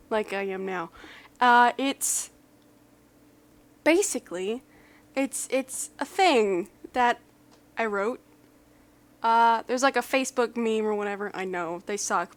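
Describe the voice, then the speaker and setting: A young American woman chatting casually, then reading a list aloud in a put-on, deliberately bad English accent, rambling and giggly with lots of fillers. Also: on the high side, fairly bright tone. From United States. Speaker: YouTuber.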